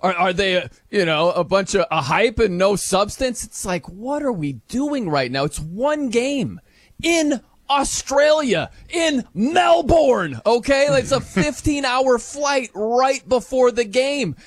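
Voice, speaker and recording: A man hosting a sports talk show, animated and incredulous, laughing as he talks. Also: high-pitched, a little slow, few pauses, dry recording.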